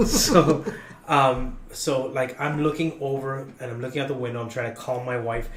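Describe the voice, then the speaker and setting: Guy telling a funny story on a podcast, jokey, echoey room, faint noise. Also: moderate pace. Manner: animated, jokey, rising in pitch for punchlines. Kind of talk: casual storytelling.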